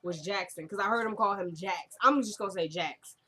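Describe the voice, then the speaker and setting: A chatty woman recapping a drama episode in a loose, rambling way, full of "like" and "you know." Her pitch sits in the middle for a woman, and she keeps slipping into little quoted bits of the characters as she goes. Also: a little fast, a bit bright, slight background noise. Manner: chatty, many fillers, acts out characters' lines in quotes. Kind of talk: casual TV recap retelling scenes.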